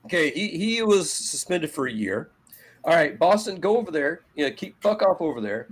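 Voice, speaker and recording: A man co-hosting a sports podcast, ranting in a profane, sarcastic way with loud jumps in pitch. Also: very animated, moderate pace. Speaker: podcast co-host. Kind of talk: heated sports talk.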